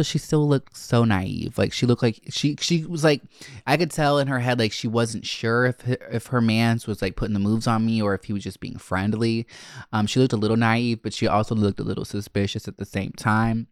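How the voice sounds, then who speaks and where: A young man hosting a podcast, telling candid stories in a sassy, animated way and acting out other people's lines. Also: clean tone, dry recording, clean studio sound. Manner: sassy, animated, swings into high camp voice for punchlines; acts out quoted people with shifted voices. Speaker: podcast host.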